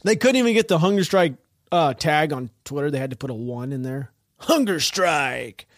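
A man's voice: fairly high pitch, brisk, dry recording, studio quality. A man hosting a podcast, giving casual, mocking commentary with a sarcastic edge and frequent laughter. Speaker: podcast host.

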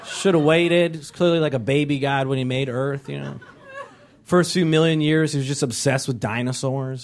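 A man's voice: mid-range voice, a little fast, noisy background. A man performing a stand-up comedy set, animatedly acting out the characters he quotes. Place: live comedy venue. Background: audience laughter.

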